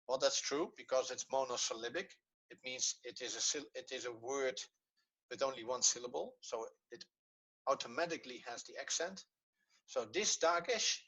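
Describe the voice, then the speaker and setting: A man's voice: mid-range voice, bright, forceful tone, slightly rough, rough recording. A man teaching a Hebrew lesson online, patiently explaining step by step and repeating points so they sink in. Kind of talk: online lesson, screen-sharing.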